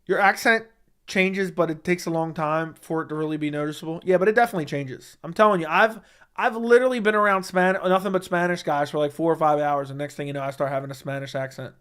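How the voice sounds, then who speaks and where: Young man, livestream host, curt and profane with chat, slightly high voice. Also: fast talker, fairly bright tone, clear, resonant tone. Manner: blunt, profane, dismissive banter.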